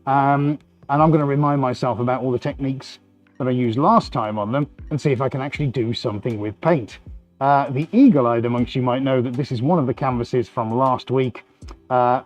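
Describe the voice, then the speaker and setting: A man's voice: mid-range voice, normal speed, a little mellow, highs cut off. A man hosting his weekly art live stream from his studio, with chatty, upbeat showman patter. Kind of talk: casual live-stream chat.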